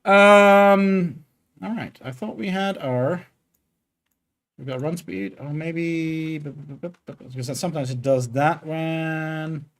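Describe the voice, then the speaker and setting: A man's voice: a little high, slow pace. A man streaming his game development work, chatting casually and thinking aloud with many fillers. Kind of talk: casual live coding stream.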